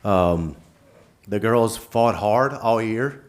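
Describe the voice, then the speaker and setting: A man who coaches football, giving a halting, emotional speech at a school board meeting with nervous laughs. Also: lowish voice, lively intonation.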